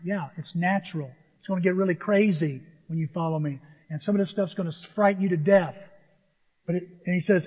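High, husky-voiced preacher in a hall. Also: male voice, brisk, muffled recording. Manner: animated storytelling with acted-out voices. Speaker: pastor. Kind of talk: sermon.

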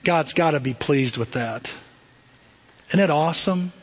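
Male pastor, conversational preacher who asks questions, husky and slightly high voice, muffled lo-fi sound. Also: unhurried. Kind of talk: sermon. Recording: dull lo-fi sound.

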